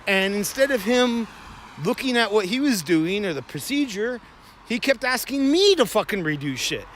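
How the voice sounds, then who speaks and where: A man's voice: high-pitched, big pitch swings, normal speed, a bit bright, a little hiss or hum. A man streaming in a heated, rambling, profane rant about his day. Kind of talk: ranting casual storytelling.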